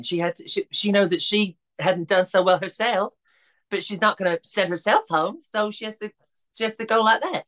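A chatty woman talking casually on a podcast as a guest. She speaks in a relaxed, rambling way, with frequent fillers and restarts. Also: on the low side. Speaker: podcast guest, drag performer.

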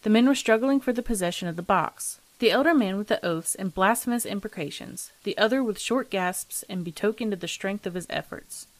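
A woman narrating a classic ghost story as the host of a reading show, in a measured, steady manner. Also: medium pitch, no room sound.

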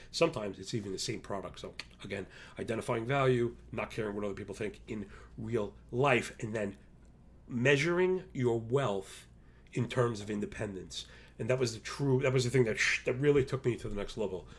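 Gravelly rambling New man. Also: mid-range voice. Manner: rambling, excitable, self-described motor mouth. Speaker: podcast host. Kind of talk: casual talk to listeners.

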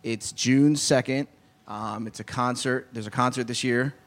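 A male guest in casual chat, speaking in a relaxed, halting way with many fillers. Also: medium pitch. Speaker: guest promoting a charity event.

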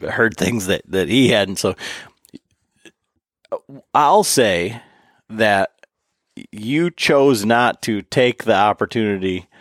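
A man's voice: on the low side, slow, long pauses, no room sound, clean studio sound. A man hosting a casual hunting podcast, telling stories and acting out quotes. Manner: animated storyteller, acts out quotes with laughs. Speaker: podcast host. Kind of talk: casual chat.

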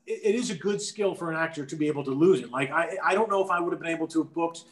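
A man's voice: a little high, racing, echoey room. A man from New Jersey, an actor, chatting thoughtfully and often restarting his sentences. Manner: thoughtful, stumbles over restarts. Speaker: actor, guest. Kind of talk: casual chat.

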